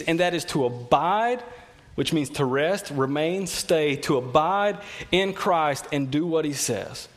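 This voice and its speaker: A man's voice: on the high side, expressive, slow. A man preaching a sermon, telling personal stories in a conversational way and often repeating words.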